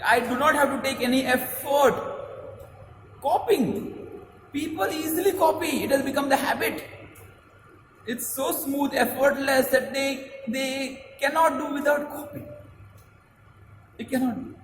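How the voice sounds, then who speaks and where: A man's voice: very high voice, a little slow, long pauses, slight background noise. A man, a priest giving a sermon in an emphatic, repetitive preaching manner with Marathi phrases mixed in. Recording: echoey hall with long reverb.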